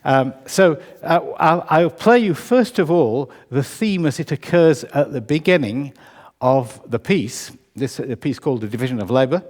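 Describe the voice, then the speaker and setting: A man's voice: medium pitch, lively intonation, normal speed, a little mellow. A man from the UK giving a conversational, wry lecture as a composer, often correcting himself. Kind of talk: public lecture. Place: concert hall. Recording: reverberant hall.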